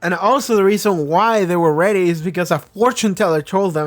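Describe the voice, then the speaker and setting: Excitable young man reacting to anime. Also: high voice, fairly quick, hardly any pauses. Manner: excitable, swears casually, lots of fillers. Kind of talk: casual reaction commentary.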